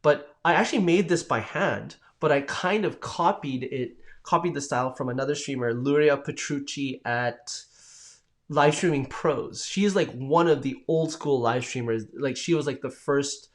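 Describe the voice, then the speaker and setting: A man hosting a live stream in a casual, rambling chat, reading out viewer comments and answering them with enthusiasm. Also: medium pitch.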